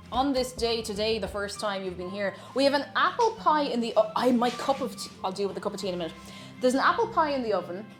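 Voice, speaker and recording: Woman streamer, chatty and giggly, slightly high voice, live from home kitchen with soft background music. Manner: chatty and excitable, laughs often, greets viewers warmly. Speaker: variety streamer hosting a baking stream. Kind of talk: casual live-stream chat. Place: her own dim home kitchen.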